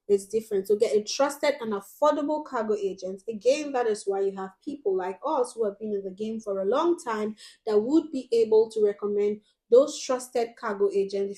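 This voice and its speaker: A woman's voice: mid-range voice, dark tone. A young Nigerian woman hosting a casual advice vlog, talking directly and emphatically with frequent ums. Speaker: host.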